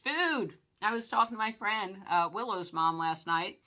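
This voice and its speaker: A woman's voice: mid-range voice, animated, moderate pace, bright, forceful tone. A woman in her sixties hosting a vlog, chatting casually to viewers in a rambling, folksy way full of filler words. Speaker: vlog host.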